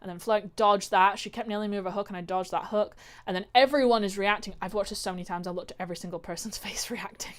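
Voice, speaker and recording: Chatty woman vlogger, rambling and quick. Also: medium pitch, fairly even intonation. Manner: rambling, many fillers and restarts. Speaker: vlogger and amateur fighter. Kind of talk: casual chat.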